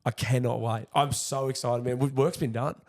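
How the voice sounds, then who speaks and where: A man's voice: mid-range voice, fairly even intonation, normal speed. A young Australian man hosts a podcast in a loose, joking way, swearing often. His voice sits in the middle register for a man. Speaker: podcast host. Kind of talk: casual chat.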